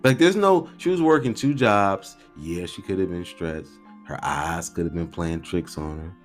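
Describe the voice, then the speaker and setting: A man in his thirties hosts a casual storytelling podcast, wandering from thought to thought in a slangy, animated manner. His voice sits on the low side, with faint music underneath. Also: moderate pace. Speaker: podcast host.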